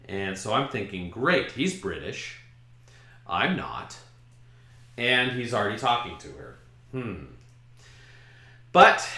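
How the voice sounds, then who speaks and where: A man with a fairly low yet lively, bright-edged voice tells a casual story as a podcast host. He pokes fun at himself as he goes. The room around him adds a noticeable echo. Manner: self-mocking, animated retelling. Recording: roomy echo.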